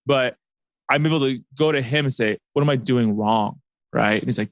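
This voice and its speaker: A man's voice: medium pitch, normal speed, no room sound. Chatty man telling a rambling story. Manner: animated, rambling storyteller with many fillers. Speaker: podcast host. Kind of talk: casual podcast storytelling.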